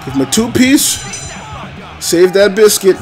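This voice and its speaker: A man giving casual, jokey commentary while playing a video game, breaking into loud outbursts. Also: high voice, sing-song, a little slow, soft background music, a faint crowd. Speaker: gameplay commentator. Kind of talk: casual let's-play commentary.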